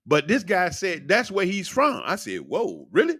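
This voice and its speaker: A man in his sixties delivering a rambling, profane monologue, blunt and animated in bursts. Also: high voice, moderate pace, no echo, studio quality. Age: 60s. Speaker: commentator. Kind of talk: ranting monologue.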